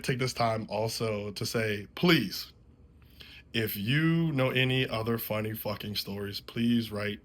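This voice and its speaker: A young man with a bright, forceful voice tells a story to his followers off the cuff. He talks loosely, swears freely and laughs along the way, in a casual vlog manner. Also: medium pitch. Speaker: vlogger.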